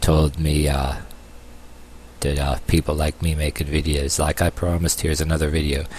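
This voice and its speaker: Man, very deep voice, rambling home video monologue, halting, lots of fillers, sarcastic asides. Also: level tone, darkish tone, a little hiss or hum. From United States. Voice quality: long-haired, calls himself a hippie. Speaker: vlogger.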